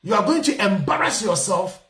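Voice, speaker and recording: Animated Ghanaian man in an echoey room. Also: sits high, normal speed. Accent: Ghanaian English. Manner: animated, emphatic, raising his voice to make points. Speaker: radio programme host. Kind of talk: casual call-in radio talk.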